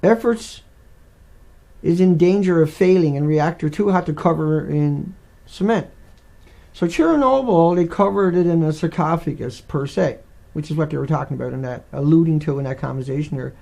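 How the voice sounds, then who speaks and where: Gravelly man rambling on a live stream. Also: fairly high pitch, moderate pace. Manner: animated, digressive, many restarts.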